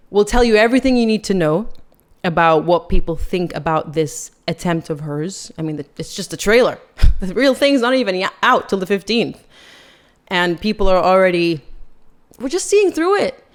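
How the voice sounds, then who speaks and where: A woman hosting a podcast, giving chatty, sarcastic and critical commentary. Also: medium pitch. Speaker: podcast host. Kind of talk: casual opinion commentary.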